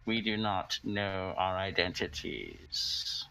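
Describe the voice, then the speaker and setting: Brief: masked cult leader, voiced by a male game master, muffled, gravelly, slow menace. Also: sits low, animated, sharp tone, no room sound, full character voice. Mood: menacing.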